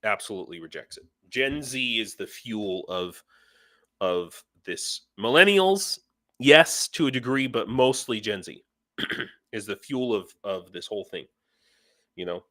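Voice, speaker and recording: A man's voice: lowish voice, very animated, a little slow, pushed and bright, no room sound. A man in his forties hosting a casual livestream, rambling and often breaking off to read chat comments aloud. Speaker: livestream host. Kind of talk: casual live-stream chat. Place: home in Ukraine.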